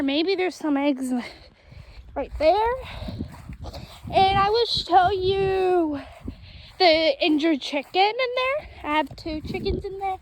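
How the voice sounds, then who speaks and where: Very high-voiced chatty woman vlogging. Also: low-quality recording. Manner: chatty, talks to viewers as guys. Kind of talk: casual walking vlog. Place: outdoors in a backyard with trees and chickens. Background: faint wind noise.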